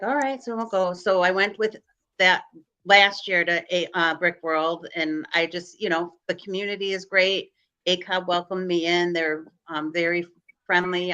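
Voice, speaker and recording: A woman with a Chicago accent chats as a stream guest, her voice bright and forward and sitting a little low for a woman. She rambles, piling up "um"s and restarts as she tells her stories. She comes through on a video call. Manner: rambling, filler-heavy storytelling. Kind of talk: casual chat on a live stream.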